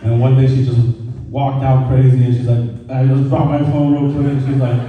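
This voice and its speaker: A man's voice: mid-range voice, little pitch movement, fairly quick, hardly any pauses, narrow, tinny audio. A man doing a casual, swearing stand-up comedy set on stage at a brewery, with a dry mouth. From Mexican heritage. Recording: echoey room from far off.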